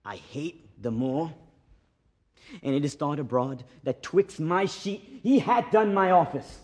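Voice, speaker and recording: A man's voice: on the high side, expressive, a little slow. Iago, a man playing a scheming Shakespeare villain. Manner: plotting, shifting between loud and hushed. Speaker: acting student. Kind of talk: Shakespeare monologue performance.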